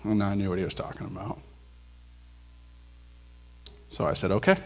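Low-voiced man preaching in a reverberant hall. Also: racing, few pauses. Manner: excited storytelling, acts out dialogue. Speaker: guest speaker sharing a testimony. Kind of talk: sermon testimony. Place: church sanctuary. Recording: long church hall reverb.

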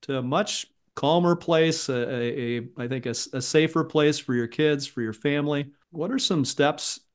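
A man's voice: a little high, normal speed, clear, resonant tone. A man hosting a podcast, asking and summing up in a thoughtful, casual way. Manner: thoughtful, questioning. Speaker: podcast host.

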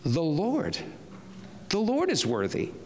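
A man's voice: a little high, huge pitch swings, slow, darkish tone, a little hiss or hum. A man preaching a personal testimony sermon as pastor, telling his story earnestly and rising to fervent emphasis. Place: church sanctuary. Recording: long reverb of a large hall.

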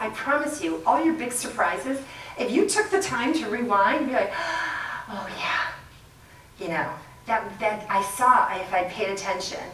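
A middle-aged woman giving a leadership talk to an audience, chatty and quick to laugh. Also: medium pitch, fairly bright tone. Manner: chatty, laughs often, plays with the crowd. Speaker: guest speaker. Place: lecture room with audience. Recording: roomy sound from a distant mic, faint background noise.

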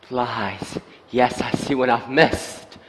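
A man's voice: medium pitch, steady tone, slow, fairly bright tone. An actor playing a volatile, sly male asylum patient on a theatre stage, swinging between whispering menace and shrieking pleas. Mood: unhinged. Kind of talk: live stage acting. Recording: stage voice with long theatre reverb.

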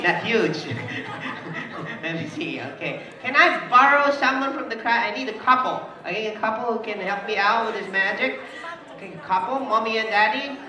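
A woman with a Filipino accent working as a party magician, playfully teasing and coaxing the children through her tricks. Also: fairly high pitch. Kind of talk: live kids' party magic show. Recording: echoey party hall, far from mic, music and crowd.

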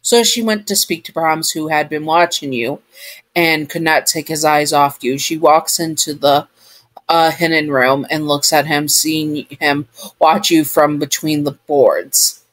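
A woman reads fan fiction aloud in the second person. Her voice sits low and she takes her time. She rambles and corrects herself often as she goes. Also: steady tone, measured pace. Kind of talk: second-person story narration.

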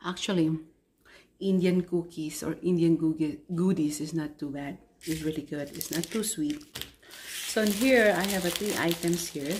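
Woman, low voice, slow pace, casual food-tasting vlog, faint background hiss. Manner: chatty, unhurried, tasting snacks between remarks. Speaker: vlogger.

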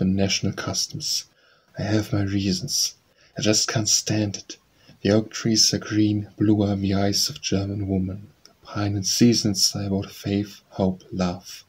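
Guy with a low husky voice reading old poems, slow and careful. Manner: slow, measured recitation. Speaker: audiobook narrator. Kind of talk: scripted poetry reading.

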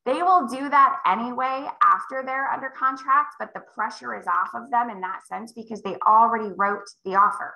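A woman's voice: on the high side, normal speed, vocal fry, few pauses, reverberant, rough recording. A woman in her forties coaching real estate agents in a live online session, acting out little scenes as she teaches. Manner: animated storytelling, acting out dialogue in shifting voices. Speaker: real estate sales trainer.

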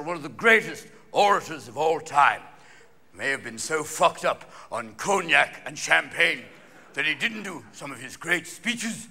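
A man doing live stand-up comedy in a large theater, talking fast and jumping between many put-on voices. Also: a little high, very animated, sharp tone. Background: audience laughter.

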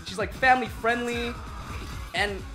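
A woman hosting a let's-play, reacting excitedly and squealing while she plays and chats. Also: a little high, unhurried. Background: game music.

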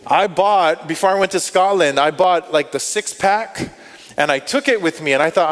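A male pastor telling stories in a sermon, animated, acting out what people said and thought. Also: on the high side, normal speed. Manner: animated, acts out quotes and inner thoughts. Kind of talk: storytelling sermon. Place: church sanctuary. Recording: long hall reverb.

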